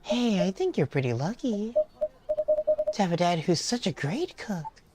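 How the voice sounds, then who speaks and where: A woman voicing a gentle father in a game, with a lowered, soothing voice. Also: very animated, unhurried, heavy background noise. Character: gentle father of a young girl.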